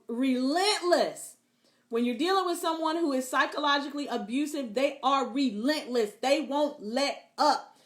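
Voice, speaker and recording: Lively higher-pitched woman counselor. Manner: lively, preacher-like, acts out abusers' taunts; addresses listeners as beloved. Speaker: Christian counselor. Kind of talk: teaching talk on psychological abuse.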